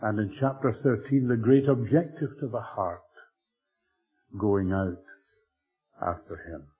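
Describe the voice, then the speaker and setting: A man preaching a Bible-teaching sermon in a measured, emphatic way, often clearing his throat. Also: fairly low pitch. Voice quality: husky. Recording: old tinny phone-like tape with faint music.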